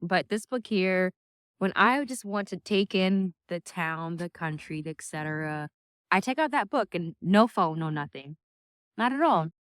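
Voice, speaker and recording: A woman's voice: lowish voice, expressive, a little slow, clean tone, no echo, studio quality. A young woman talking casually to a camera on a stand, chatty, laughing often and restarting her sentences. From United States. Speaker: vlogger.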